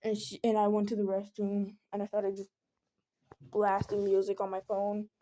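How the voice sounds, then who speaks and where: A woman's voice: medium pitch, monotone, moderate pace, dark tone. A young woman venting in a casual storytime vlog, rambling with many fillers and restarts. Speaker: vlogger.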